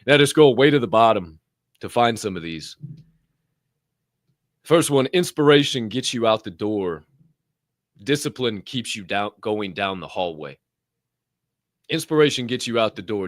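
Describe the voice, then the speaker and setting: In a dry, studio-quality recording, a young co-host gives an animated motivational monologue on a podcast. He swears freely and veers from loud outbursts to low, muttered asides.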